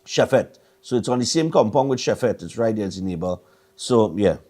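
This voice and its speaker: A man's voice: lowish voice, expressive, brisk, mellow. Trinidadian male host, middle-aged, loose chatty storyteller, repeats himself. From Trinidad and Tobago. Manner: rambling storytelling with stammered repeats. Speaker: morning show host. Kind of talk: casual chat.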